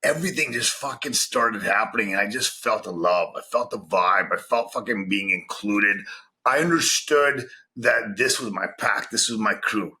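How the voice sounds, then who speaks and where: A man's voice: lowish voice, moderate pace, pushed and bright. A man from Vancouver, a podcast guest, telling his story in casual chat and swearing constantly. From Vancouver, Canada.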